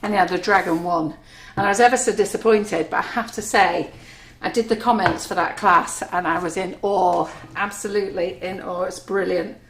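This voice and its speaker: A woman's voice: on the low side, steady tone, normal speed. Chatty woman demonstrating cakes. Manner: chatty, giggly, self-deprecating. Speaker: cake decorating host. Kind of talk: live cooking demonstration chat. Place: kitchen studio. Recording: echoey room, faint noise.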